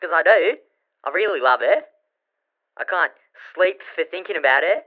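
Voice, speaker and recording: A man's voice: high-pitched, lively intonation, moderate pace. A man with an Australian accent playing a brash, lovesick male radio caller. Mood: earnest. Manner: blokey, pushy, earnest. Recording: tinny phone line.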